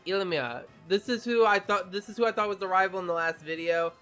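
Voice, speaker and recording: A gaming YouTuber who just woke up gives an excitable, swearing reaction to a game trailer and stumbles over new names. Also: medium pitch, quick pace, soft background music. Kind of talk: casual reaction commentary.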